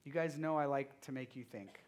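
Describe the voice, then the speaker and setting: A man preaching to a youth group as their pastor. He asks the audience direct questions and swings between loud emphasis and hushed, quiet moments. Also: medium pitch, brisk. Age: young adult or middle-aged father of a toddler. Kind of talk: sermon.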